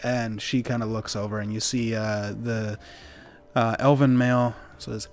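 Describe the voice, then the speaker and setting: A man narrating as game master of a tabletop game in a relaxed way with many fillers. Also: fairly low pitch, unhurried, faint music behind.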